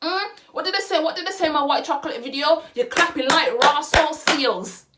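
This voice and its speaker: Woman, young adult, high voice, vlogger, passionate rant, repeats herself for emphasis, slang-laced talk. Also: brisk, very noisy. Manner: impassioned, repeats phrases for emphasis; mixes in Caribbean and slang words. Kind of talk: opinion vlog rant.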